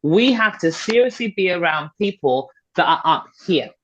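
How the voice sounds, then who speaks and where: A middle-aged fitness and confidence coach joins a podcast as a guest, giving motivational, conversational talk in an emphatic, persuasive way and repeating points for stress. Her lowish voice is animated and a bit bright at a normal speed. The podcast audio is dull and slightly lo-fi, with slight background noise.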